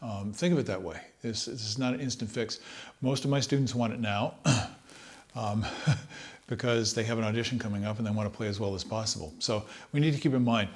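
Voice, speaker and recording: A man teaching trumpet, talking in a relaxed, thoughtful way and sometimes singing short phrases to demonstrate. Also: mid-range voice. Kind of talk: instructional talk.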